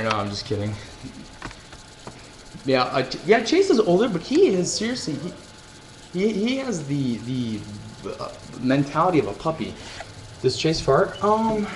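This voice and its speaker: A man chatting casually to viewers on a live stream, rambling and swearing now and then. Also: medium pitch. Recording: roomy echo, faint noise.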